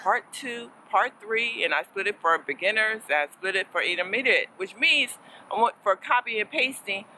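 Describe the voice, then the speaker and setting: Casual woman learner-teacher, bright tone, talky and playful, sprinkles in Spanish words. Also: mid-range voice, expressive, moderate pace, slight background noise, rough recording. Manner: chatty and playful, laughs often, mixes in Spanish words. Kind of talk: casual vlog lesson.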